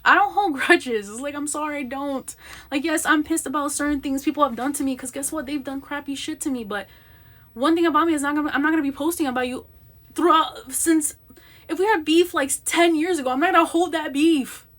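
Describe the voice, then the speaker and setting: Young woman host, solo podcast rant, emphatic and animated, fairly high voice. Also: a little fast. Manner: animated, emphatic storytelling with acted-out quotes.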